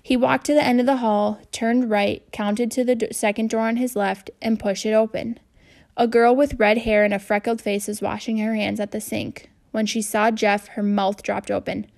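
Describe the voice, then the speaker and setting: A woman narrating a children's novel aloud in a steady reading voice. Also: fairly high pitch, moderate pace, vocal fry. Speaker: audiobook narrator.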